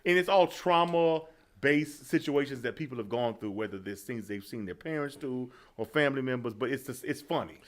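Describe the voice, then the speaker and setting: A man's voice: mid-range voice, lively intonation, normal speed, few pauses. Laid-back man, slangy casual talk. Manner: loose, profane storytelling, slangy. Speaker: podcast guest. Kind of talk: casual chat.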